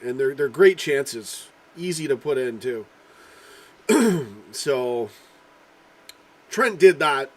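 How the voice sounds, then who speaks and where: A man hosting a casual live-stream football chat, rambling and swearing, reading out viewers' comments while he keeps coughing and clearing his throat. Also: medium pitch, expressive, slow, long pauses. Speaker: livestream host.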